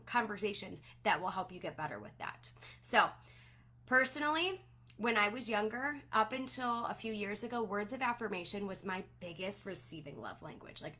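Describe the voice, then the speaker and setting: Upbeat, bright-voiced woman coaching. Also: mid-range voice. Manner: upbeat, gushing, encouraging. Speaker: direct sales team leader. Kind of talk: coaching talk to her sales team.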